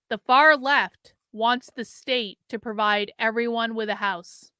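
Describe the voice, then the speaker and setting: A woman hosting a livestream, talking back to her chat with a sarcastic edge and many quick restarts. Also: a little high, a bit bright, smooth, dry recording. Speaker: show host. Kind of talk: livestream commentary.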